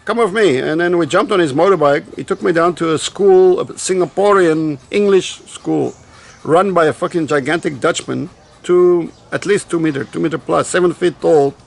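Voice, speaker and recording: A man's voice: on the high side, normal speed, vocal fry. A man from Africa, telling personal stories casually, swearing freely and drifting off on tangents. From South Africa. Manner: swears freely, digresses, retells dialogue. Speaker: vlogger. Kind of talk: casual storytelling.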